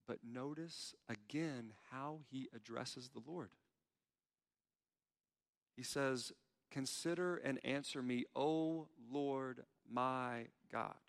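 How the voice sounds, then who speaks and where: A man's voice: mid-range voice, slow, creaky, a bit bright, in a large hall. A man preaching a sermon, earnest in tone, voicing heartfelt pleas as he quotes prayers. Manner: earnest, pleading when quoting prayers. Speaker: pastor.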